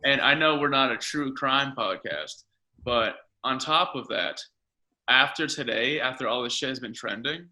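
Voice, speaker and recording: A man's voice: medium pitch, moderate pace, bright, forceful tone. A man hosting a casual sports podcast, laid-back and laughing often, swearing freely. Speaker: podcast host. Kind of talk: casual chat.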